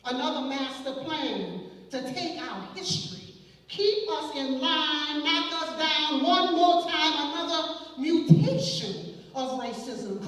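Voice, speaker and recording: A woman recites spoken word poetry on stage, her voice high and unhurried, slipping between speech and song. She is heard from a distance, and a long hall reverb trails her words. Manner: slow, dramatic, half-sung delivery. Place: live performance hall. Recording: echoey hall, from far off.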